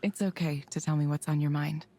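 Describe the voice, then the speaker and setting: An actress playing a calm young woman counselor who speaks in a soft, measured, gently familiar way. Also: sits low, slight background noise. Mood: gentle.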